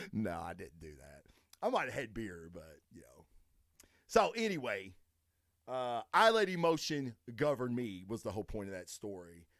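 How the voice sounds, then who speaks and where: Man, podcast host, casual rant, profane and animated, dry close sound. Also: fairly low pitch, unhurried, long pauses, no room sound. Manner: profane, animated, retells scenes acting out his own lines.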